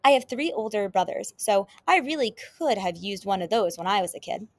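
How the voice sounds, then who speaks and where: A woman's voice: mid-range voice, lively intonation, normal speed. A woman voicing a playful, teasing woman who co-hosts a morning TV show. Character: playful female morning TV host.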